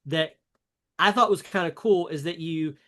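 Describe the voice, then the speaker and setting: Southern guy rambling on a podcast, lots of likes and ums, a bit high pitched. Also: normal speed, pushed and bright. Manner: chatty, rambling with many fillers. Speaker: podcast co-host. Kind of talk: casual chat.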